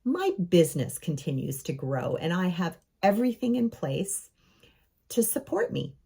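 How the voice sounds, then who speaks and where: A woman's voice: lowish voice, sing-song, moderate pace, vocal fry, dark tone, husky. A middle-aged woman coaching viewers on their homes in an enthusiastic, affirming way, calling them her friends. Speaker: space and home coach. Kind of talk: motivational coaching talk to camera.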